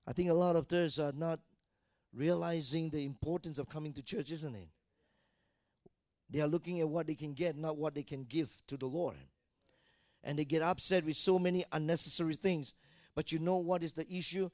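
High-voiced preaching man, dry sound. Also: fairly even intonation, normal speed, no room sound. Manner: rising to shouted fervor, rhetorical questions. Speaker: pastor. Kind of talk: sermon.

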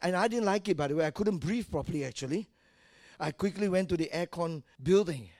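A male pastor preaching a dramatic sermon, swinging from quiet asides to loud shouts and acting out the people in his stories. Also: sits high, animated, a little fast, no room sound, studio quality. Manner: acts out the people in his stories in different voices.

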